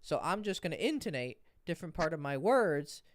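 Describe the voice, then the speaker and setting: A man's voice: fairly high pitch, sing-song, a little fast, dry recording, clean studio sound. A man coaching dating on a livestream Q&A, blunt and profane, swinging his voice up and down to show how rhythm works.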